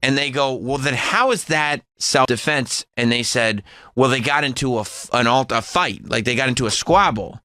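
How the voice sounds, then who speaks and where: Bright, deadpan podcast co-host man. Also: medium pitch, normal speed, no room sound. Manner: dry, deadpan riffing with frequent restarts. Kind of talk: casual comedy podcast chat.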